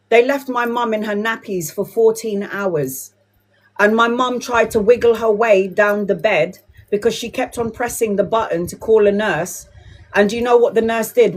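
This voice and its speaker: A woman giving a live tarot reading, blunt and emotional, swearing freely and calling viewers "my love" and "sweetheart". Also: fairly high pitch. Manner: addresses viewers with endearments. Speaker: tarot reader.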